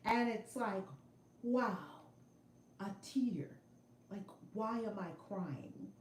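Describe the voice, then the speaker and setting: Middle-aged woman, casual livestream storytelling, animated and emphatic, mid-range voice, roomy echo. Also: medium pitch, very slow, a little hiss or hum. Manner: animated, emphatic, repeats phrases. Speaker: spiritual vlogger. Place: home room with altar and shelves. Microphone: phone camera.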